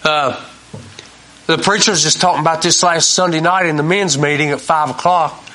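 A man's voice: a little high, fairly even intonation, normal speed, bright, forceful tone. A man hosting a Christian talk show, telling homespun stories in a folksy preaching manner and repeating his key lines for emphasis.

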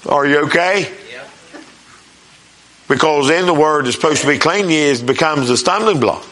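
A man preaching a sermon in a folksy, plain-spoken way. He often checks in with his congregation and reads scripture slowly and emphatically. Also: on the high side, fairly bright tone.

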